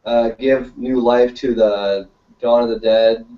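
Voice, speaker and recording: A man in casual chat talks in loose, halting bursts and laughs a lot. He sits back from the mic in a roomy space, the audio dull with a faint hiss. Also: medium pitch, fairly even intonation, distant mic. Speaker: podcast co-host.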